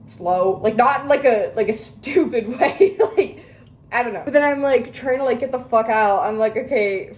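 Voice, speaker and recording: A woman's voice: mid-range voice, a little hiss or hum, poor audio. A young woman in her twenties telling a rambling story in casual chat while cooking at home, full of filler words and swearing. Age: young adult. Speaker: vlogger. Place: home kitchen.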